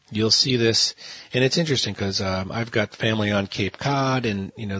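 A man's voice: fairly low pitch, a bit bright, breathy edge, no room sound. A man chef answering as an expert guest in a casual podcast, talking in a rambling, enthusiastic way with many fillers, on slightly dull lo-fi audio.

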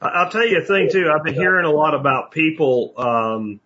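A man hosting a podcast, chatting casually with rambling, animated asides. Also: fairly high pitch, fairly quick. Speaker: podcast host. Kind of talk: casual interview chat. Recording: dull lo-fi audio.

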